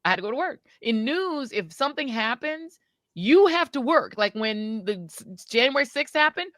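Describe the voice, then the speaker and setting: A woman in her forties chats on a podcast with a bright, sharp tone and a lively, swinging pitch. She is tired and grumpy but tells her stories emphatically and colloquially. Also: moderate pace, no room sound, studio quality. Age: 40s. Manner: animated storyteller, emphatic, colloquial. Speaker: podcast co-host. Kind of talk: casual chat.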